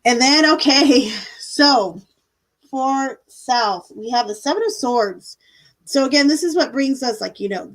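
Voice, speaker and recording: A woman's voice: on the high side, poor audio. A woman giving a live-stream tarot reading in a casual, chatty way, full of fillers and "like"s. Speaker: tarot reader.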